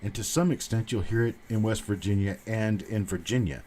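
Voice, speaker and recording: A man's voice: on the low side, a little fast, mellow, a little hiss or hum. An older man hosting a live coin roll hunting show, chatting casually in a folksy, rambling way with the odd joke, speaking plainly and reassuringly to his viewers. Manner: folksy, rambling storyteller who cracks jokes. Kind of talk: casual live-stream chat.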